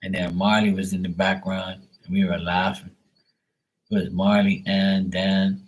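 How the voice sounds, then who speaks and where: A man's voice: sits low, little pitch movement, a little slow, poor audio. A man hosting a live stream, telling loose, profane stories in casual chat and laughing at his own jokes.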